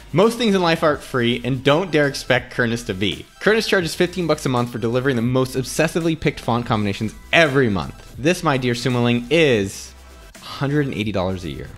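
A man hamming up a read-through of old sales copy, his pitch swooping all over as he leans into the drama. He keeps cracking himself up mid-sentence. Faint music sits behind him. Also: a bit bright. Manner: theatrical, breaks into laughter while reading. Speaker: host reading old ad copy aloud. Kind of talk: dramatic read-aloud with laughter.

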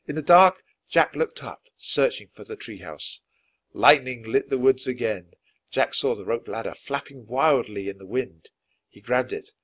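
Expressive man reading a children's story. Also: mid-range voice, unhurried. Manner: clear, expressive narration. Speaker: storybook reader. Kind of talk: reading a children's book aloud.

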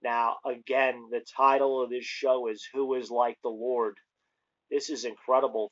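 Chatty man preaching in a flat voice. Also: mid-range voice, normal speed. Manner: chatty, joking asides between fervent exclamations. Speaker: online preacher. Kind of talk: casual preaching with scripture reading. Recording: dull lo-fi recording.

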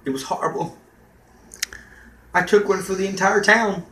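A man with a high, bright voice tells a story as a casual comedy rant. He swears freely and shouts out the lines he quotes. The room sounds echoey, with faint noise behind him. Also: steady tone, normal speed. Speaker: vlogger.

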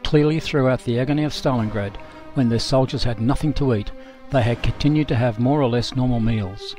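A man narrating a historical documentary, reading a first-person memoir in a measured, sober way. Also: mid-range voice, a little mellow, soft background music.

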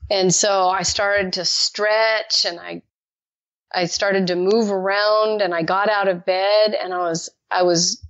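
Gravelly-voiced woman telling a faith story. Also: slow, dry recording. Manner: animated, acts out quoted dialogue with jumps in pitch. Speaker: podcast guest. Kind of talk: personal faith testimony storytelling. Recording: dull lo-fi dry recording.

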